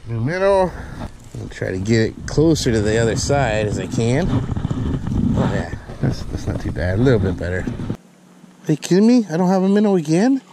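A man filming a fishing vlog outdoors by a canal, talking to viewers and getting loud and excited whenever a fish bites. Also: medium pitch, moderate pace, very noisy. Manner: excitable, talks to viewers as "guys", shouts and laughs when a fish bites. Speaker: fishing vlogger.

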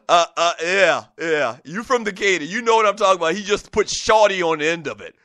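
A man from the South Carolina Lowcountry hosts a sports talk show. He speaks in a high, bright, forceful voice and rambles along with plenty of fillers. The recording is close and dry. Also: no echo. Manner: animated, rambling, with many fillers. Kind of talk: solo radio talk monologue.

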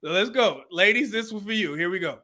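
A man hosts a livestream and comments on clips in a blunt, preachy way, laughing now and then. His voice sits high. It has a bright, forceful edge. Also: animated, brisk. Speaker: livestream host.

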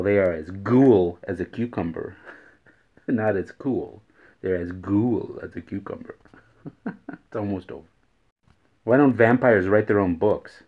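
Low-voiced man chuckling through dad jokes. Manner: repeats each riddle, chuckles at his own punchlines. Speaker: host. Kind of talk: daily joke-telling vlog. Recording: dull lo-fi recording.

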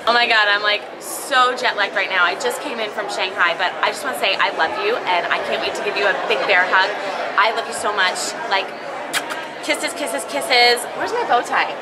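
A woman's voice: medium pitch, moderate pace, a loud crowd. A young woman doing a gushing parody vlog bit with a breathless delivery. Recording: noisy crowded event space.

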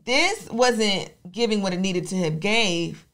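A woman's voice: mid-range voice, expressive, slow, a bit bright. Wry self-deprecating woman co-host. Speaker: podcast co-host. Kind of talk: casual podcast chat.

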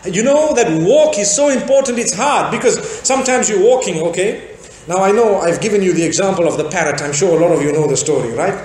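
A man's voice: high-pitched, fairly quick, slight background noise. A man from Zimbabwe in his forties giving a sermon, telling stories and asking the crowd rhetorical questions. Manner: animated storytelling with rhetorical questions. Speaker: preacher. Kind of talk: sermon lecture. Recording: echoey lecture hall.

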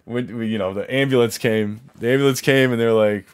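A man's voice: mid-range voice, a little fast, few pauses, clean tone. A man vlogger telling a story in a rambling, profane way, full of restarts. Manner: animated, acts out others' voices. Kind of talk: casual storytelling.

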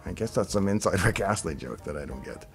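Over soft background music, a middle-aged show host reviews software designs in a low-pitched, expressive voice, talking quickly. He reacts to what's on screen by musing aloud, tossing in chatty asides.

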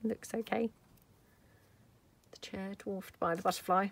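A woman's voice: mid-range voice, steady tone, a little slow, vocal fry, slight background noise. A woman hosting a crafting tutorial, chatting casually and thinking aloud as she works at a craft table. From United Kingdom. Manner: chatty, thinking aloud while working, soft asides. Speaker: craft video host.

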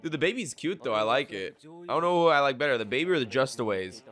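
Lively, profane young man reacting. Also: mid-range voice, fast, faint music behind. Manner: animated, profane, laughs often. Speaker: anime reaction streamer. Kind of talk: live reaction commentary.

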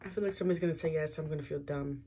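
A young woman with a slightly hoarse morning voice, chatting casually while doing her morning routine for a vlog. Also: low-pitched, rapid-fire, dark tone. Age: young adult. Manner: chatty, rambling, self-deprecating. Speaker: beauty vlogger. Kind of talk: casual get-ready-with-me chat.

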